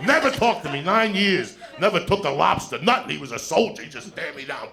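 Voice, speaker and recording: A man's voice: fairly high pitch, a little fast, a crowd in the background. A man doing stand-up, telling a long story in a blunt, profane, conversational way. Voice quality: gravelly. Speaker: stand-up comedian. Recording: played clip with steady background noise.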